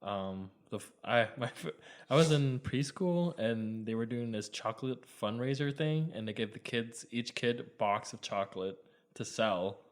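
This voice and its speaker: A young adult man telling rambling childhood stories on a podcast. He laughs at himself a lot and often restarts his sentences. His voice has an ordinary mid pitch. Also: animated, moderate pace. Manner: laughing, self-mocking. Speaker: podcast co-host. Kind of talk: casual chat.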